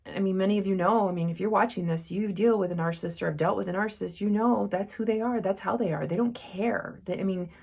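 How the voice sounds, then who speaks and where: A woman's voice: medium pitch, fast talker, gravelly, few pauses, darkish tone, slightly rough. A middle-aged woman hosting her own channel from her home craft room, telling a story in an earnest, reflective way with many fillers. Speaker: channel host. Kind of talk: casual talk to camera.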